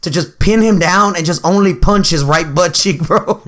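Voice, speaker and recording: A man's voice: sits high, moderate pace, a bit bright. A young man co-hosting a casual podcast, telling stories about his brother through laughter, swearing freely and putting on voices. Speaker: podcast co-host.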